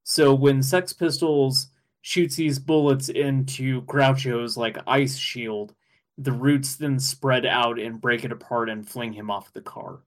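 A man co-hosting a podcast, chatting casually and excitedly, laughing often and rambling with fillers. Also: mid-range voice, takes it slowly. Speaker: podcast co-host. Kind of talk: casual chat recapping an anime episode.

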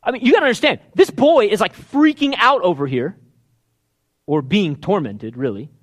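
A man's voice: sits high, expressive, moderate pace. A man preaching a sermon, telling a story with energy and acting out the characters' voices. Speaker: pastor.

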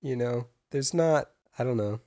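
Young man, casual podcast co-host, loose rambling delivery with restarts, middle pitch. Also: unhurried. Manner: rambling, animated, many restarts. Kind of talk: casual film chat.

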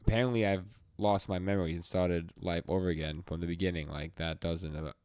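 A man reading out the lines of a calm, eerie young vampire girl in a slow, deliberate voice. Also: low-pitched, clean tone, no echo, studio quality, natural voice. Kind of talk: reading a character's lines aloud.

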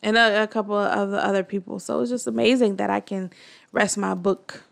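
A woman with a gravelly, fry-edged voice chats casually with a partner. She tells stories in an animated way, and her pitch leaps up whenever she acts out what someone said. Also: brisk. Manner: animated storytelling, acting out quotes with pitch jumps. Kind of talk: casual chat.

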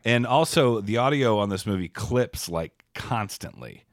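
A man's voice: fairly low pitch, lively intonation, unhurried, no room sound, studio quality. A man co-hosting a podcast, rambling and joking about a movie with lots of fillers. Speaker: podcast co-host. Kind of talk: casual chat, movie recap.

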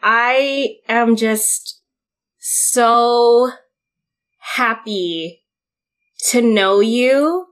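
Slow, emotional woman co-host. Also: on the high side.

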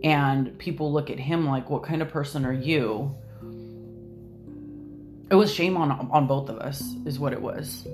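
A woman's voice: deep voice, unhurried, long pauses. A woman guest on a podcast telling a personal story candidly, hesitant and restarting often. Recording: soft music behind.

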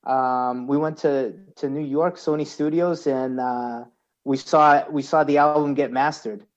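A man's voice: mid-range voice, steady tone, measured pace. A man chatting as a guest, hesitant and repeating words as he talks. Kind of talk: casual chat. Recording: dull, muffled sound.

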